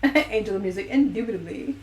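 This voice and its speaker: A woman's voice: mid-range voice, expressive, fairly quick, a little mellow, roomy sound, a little hiss or hum. A woman hosting a casual livestream chat, playful and giggly as she reads out poll questions. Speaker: host.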